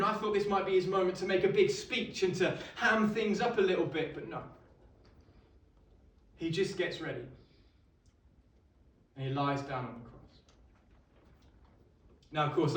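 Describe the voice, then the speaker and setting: A man's voice: a little high, lightly acted. A man playing a middle-aged Roman centurion, telling his story in a wry, conversational monologue to a live audience. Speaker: costumed actor at an exhibition. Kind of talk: first-person dramatic monologue to a live audience. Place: indoor exhibition hall. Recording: echoey hall, mic at a distance.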